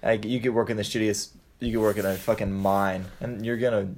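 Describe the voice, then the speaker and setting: A young man chatting casually with friends, swearing freely and laughing often between quick restarts. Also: lowish voice, flat delivery, a little mellow. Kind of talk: casual chat among friends.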